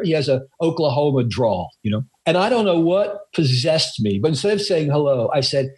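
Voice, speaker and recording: A man in his seventies from New York City, telling a story in casual chat and slowing down to stress key moments. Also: a little high. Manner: animated anecdote teller, slows down for emphasis. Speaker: co-host.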